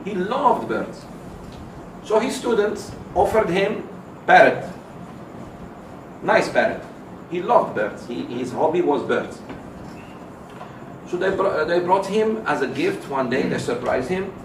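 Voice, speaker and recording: Animated preaching imam in an echoey hall. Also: male voice, high voice, slow pace, long pauses, background noise. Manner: animated storyteller, swings from loud exclamations to soft asides. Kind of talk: sermon with storytelling. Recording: echoey hall, mic at a distance.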